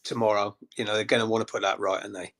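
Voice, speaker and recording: A man's voice: fairly low pitch, level tone, racing, fairly bright tone. A man, a guest on a casual football fan chat, easygoing and prone to repeating himself. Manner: easygoing, repeats himself, calls people mate.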